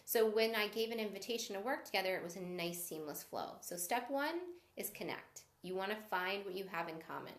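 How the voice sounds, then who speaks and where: An upbeat, encouraging woman teaching a live-streamed sales training. Her voice sits in a middle pitch range and rings with the echo of the room she records in. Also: lively intonation, fairly quick, hardly any pauses. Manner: upbeat and encouraging, greets viewers mid-talk. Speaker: sales coach.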